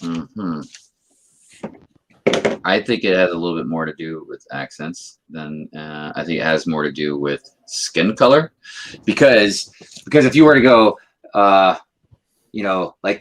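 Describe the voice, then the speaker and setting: Low-voiced bantering man. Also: animated, unhurried, long pauses, low-quality recording. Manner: bantering, playful, swings his voice widely. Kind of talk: casual chat on a livestream.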